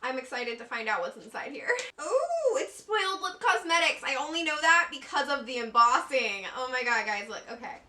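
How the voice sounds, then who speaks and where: A woman's voice: on the high side, brisk, few pauses, pushed and bright, distant mic. A young woman beauty vlogger gushing through a makeup unboxing. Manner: gushing, effusive, giggly. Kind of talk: excited unboxing vlog. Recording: echoey room, a bit off-mic.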